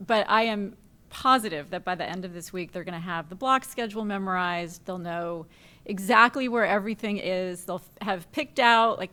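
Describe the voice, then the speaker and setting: Female parent-group co-president, bright voice, friendly, reads notes. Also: mid-range voice. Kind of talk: speech from notes.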